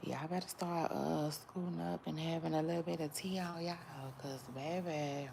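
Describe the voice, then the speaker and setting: Hushed low-voiced woman gossip host. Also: steady tone, vocal fry, background noise. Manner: hushed, keeps voice down to not wake others; chatty, drawn-out slang phrasing. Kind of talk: casual chat to viewers.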